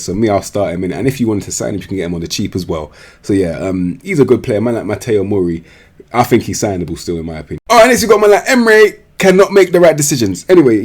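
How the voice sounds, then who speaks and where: A man's voice: fairly low pitch, a little mellow, breathy edge. A young man, giving slangy, sarcastic commentary on a football management game. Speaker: gaming streamer.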